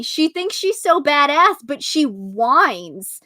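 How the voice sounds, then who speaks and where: A woman's voice: high-pitched, sing-song, takes it slowly, hardly any pauses, pushed and bright, no room sound, clean studio sound. A young woman chatting casually on her own live stream, giggling often and filling her talk with "like". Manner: giggly, chatty, full of "like" and laughter. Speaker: host.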